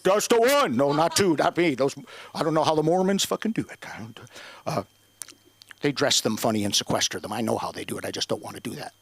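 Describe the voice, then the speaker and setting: A man's voice: medium pitch, fast, gravelly, slightly rough. A man doing a profane, self-deprecating stand-up set on a comedy club stage.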